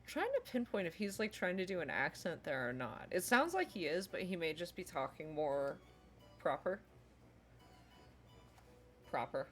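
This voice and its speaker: A woman giving casual reaction commentary, chatty and giggly as she thinks out loud. Her voice rises and falls in lively swings, with the music of the video she watches playing clearly behind her. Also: fairly low pitch, normal speed.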